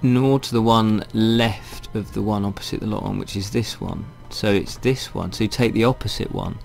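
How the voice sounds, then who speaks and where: A man's voice: fairly low pitch, fairly even intonation, moderate pace, vocal fry, darkish tone, faint music behind. A man reading a fantasy video game aloud in a wry, chatty way and thinking aloud as he plays. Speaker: gaming channel host.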